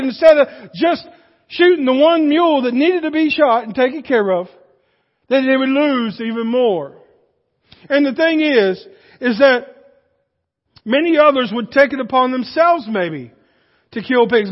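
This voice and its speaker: High-voiced man preaching in a hall. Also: normal speed, muffled recording. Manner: folksy, animated storyteller. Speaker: pastor. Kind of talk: sermon storytelling.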